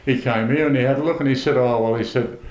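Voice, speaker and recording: A man's voice: mid-range voice, quick pace, darkish tone. An older Australian man, a farmer, telling an aggrieved story in casual talk and acting out both sides of the conversations he describes. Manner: aggrieved, retells dialogue in long runs. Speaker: farmer interviewee. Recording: roomy echo.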